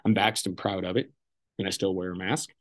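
A man's voice: sits low, flat delivery, a little fast. A man hosting his own podcast, talking alone in a loose, rambling way, swearing freely and often stopping to correct himself. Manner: rambling and profane, self-correcting with many restarts. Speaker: podcast host. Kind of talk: casual solo podcast monologue.

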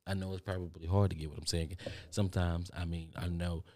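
Deep gravelly Texan man, motivational talk. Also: level tone, brisk, warm tone, no echo, studio quality. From Texas. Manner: rambling, repeats phrases, preachy. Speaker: podcast host. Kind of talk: motivational monologue. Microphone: studio microphone.

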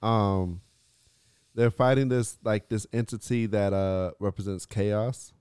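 A man's voice: fairly low pitch, fairly even intonation, takes it slowly, darkish tone, clear, resonant tone, dry recording, clean studio sound. A man co-hosting a casual, crude podcast chat, rambling with many fillers and laughing often. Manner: rambling, laughs a lot, sings songs. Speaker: podcast co-host.

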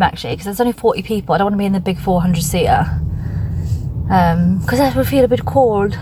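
Woman, late 30s, comedian, casual self-mocking chat, noise behind her. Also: mid-range voice. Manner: chatty, self-mocking, wry. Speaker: stand-up comedian. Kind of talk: casual vlog-style monologue. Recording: noisy background.

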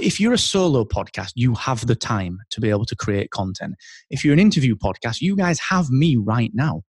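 Man, podcast guest, animated, thinks out loud, mid pitch, dry sound. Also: slightly rough, dry recording. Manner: animated, thinks aloud with restarts. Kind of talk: casual interview chat.

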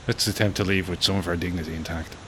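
A man's voice: sits low, fairly even intonation, quick pace, background noise. A man playing a tabletop game, with dry jokes in casual chat. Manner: dry, joking. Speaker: player.

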